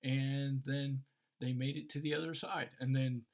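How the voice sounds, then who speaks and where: A man's voice: mid-range voice, measured pace. A man in a casual faith discussion, explaining Christian ideas and acting out the voices in his stories. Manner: animated storyteller, acts out voices in anecdotes. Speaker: Christian teacher.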